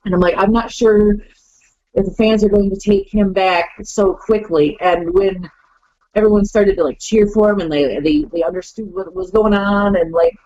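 Female podcast guest, lo-fi call-in sound, animated storyteller who does voices. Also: mid-range voice, moderate pace, no room sound. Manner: animated, acts out quotes in funny voices. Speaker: wrestler guest. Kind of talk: casual podcast chat. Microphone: call-in line.

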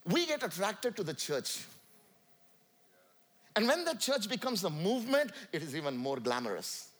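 A man with an Indian accent preaching a sermon to a church congregation, swinging from loud calls to quiet asides. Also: high-pitched, sing-song, moderate pace. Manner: emphatic, rising and falling between loud calls and quiet asides. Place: church sanctuary.

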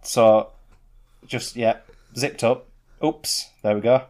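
A man's voice: mid-range voice, steady tone, slow pace, a little mellow. A man, co-hosting a podcast and telling stories with laid-back, dry humour. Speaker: podcast co-host. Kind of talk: casual banter.

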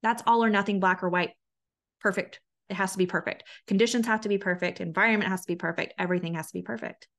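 A woman's voice: mid-range voice, fairly even intonation, quick pace, creaky, fairly bright tone. A woman hosting a solo podcast as a health coach, talking in an earnest, conversational way with frequent restarts.

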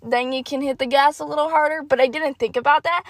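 A young woman hosting her own podcast, telling funny stories in a casual, animated, self-mocking way and swearing freely. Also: sits high, fast talker, dry recording. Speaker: podcast host. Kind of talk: casual storytelling monologue.

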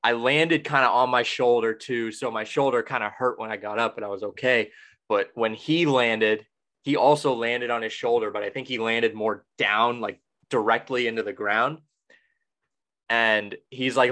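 A young man hosts a podcast, chatting casually and telling a meandering story full of restarts and self-corrections. His voice is medium-pitched with a sharp tone, fairly even intonation and a moderate pace.

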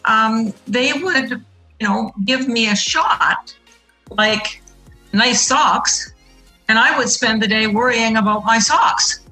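Bright-voiced middle-aged woman explaining earnestly. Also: on the high side, slow pace, soft background music, rough recording. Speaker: guest. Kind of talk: interview answer.

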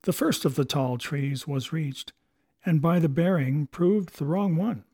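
A man reading a classic adventure novel aloud as narrator, with steady storytelling. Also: fairly high pitch, unhurried, no echo, clean studio sound. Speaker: audiobook narrator. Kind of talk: scripted narration.

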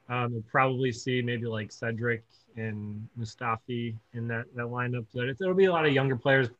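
Bright-voiced joking podcast co-host man. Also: mid-range voice, no echo, highs cut off. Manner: joking, quick asides. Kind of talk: casual football podcast chat.

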